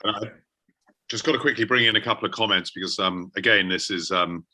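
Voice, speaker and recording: A man hosting a panel talks with a low but bright, forceful voice. He fires off questions and reads viewer comments in quick succession, steering the talk. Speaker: host, magazine editor. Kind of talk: moderating a panel.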